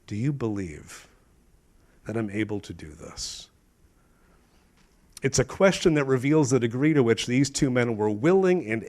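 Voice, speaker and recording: Middle-aged man, pastor, emphatic sermon delivery, lively pitch swings, church setting. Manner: emphatic, asks the congregation questions, shifts between loud and hushed. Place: church sanctuary.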